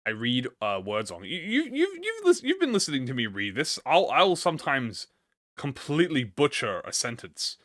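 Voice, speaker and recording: A man's voice: medium pitch, huge pitch swings, moderate pace, fairly bright tone, no room sound, studio quality. A man livestreaming, chatting casually with viewers and reading a story aloud, stuttering and restarting often. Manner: encouraging, talks to chat with slang.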